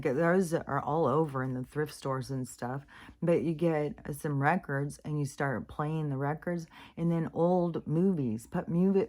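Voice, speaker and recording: A woman with a low-pitched voice talks through spiritual ideas in a loose, unscripted monologue. She rambles, doubles back and fills gaps with filler words. Her tone stays plain and frank, and she swears offhandedly. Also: darkish tone. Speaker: spiritual speaker. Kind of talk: casual spoken monologue.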